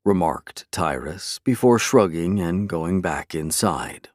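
A man narrating a fantasy novel in a steady, measured storytelling manner. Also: low-pitched, dry recording, studio quality. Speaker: audiobook narrator.

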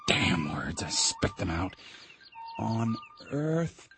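An actor playing the fallen angel Lucifer, confused in a human body, in a radio drama, halting and bewildered. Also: male voice, deep voice, sing-song, heavily acted. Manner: bewildered then rising to rapture. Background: music.

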